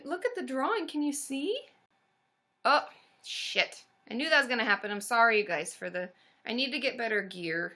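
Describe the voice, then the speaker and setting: A young woman chatting excitedly to her viewers while opening fan mail, often squealing with delight. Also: mid-range voice, gravelly. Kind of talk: casual livestream chat.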